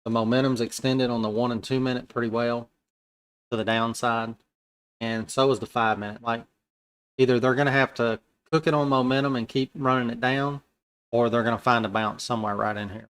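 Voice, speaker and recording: A man's voice: mid-range voice, steady tone, fairly quick, a bit bright. A man giving casual live commentary while day trading futures, thinking aloud in loose, colloquial speech.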